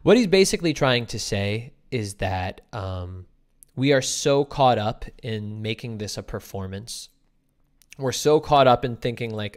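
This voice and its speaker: A man hosting a casual podcast stream, talkative and quick to laugh, explaining ideas at length. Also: medium pitch, lively intonation. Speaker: podcast host. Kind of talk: casual livestream chat.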